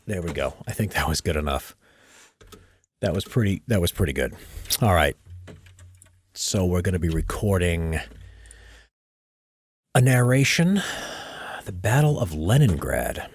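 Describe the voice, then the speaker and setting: Low-voiced man recording voice-over takes. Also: a little hiss or hum. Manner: relaxed chatter between takes, then measured read-through narration. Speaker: history channel narrator. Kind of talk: casual live-streamed recording session. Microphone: studio microphone.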